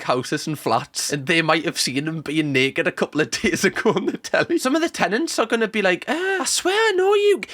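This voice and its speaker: Lively, jokey man. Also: on the high side. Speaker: YouTube commentator. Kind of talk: reaction commentary.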